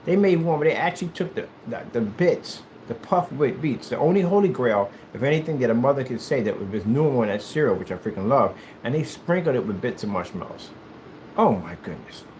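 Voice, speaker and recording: A man from the United States chatting casually while he plays, telling rambling, animated stories in a hyperactive way. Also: mid-range voice, a little fast, slight background noise. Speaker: gaming streamer. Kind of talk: casual chat while playing.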